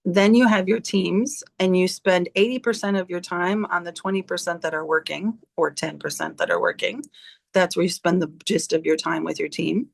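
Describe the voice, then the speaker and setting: A woman's voice: on the low side, steady tone, moderate pace, gravelly. A woman on a video call, a team leader giving her team a blunt, emphatic motivational talk full of swearing. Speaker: team leader in direct sales.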